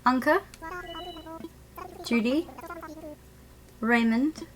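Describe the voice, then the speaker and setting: A woman's voice: fairly high pitch, very slow. Chatty woman streaming a game. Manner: chatty, laughs often, talks to chat. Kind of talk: casual live game-stream chat.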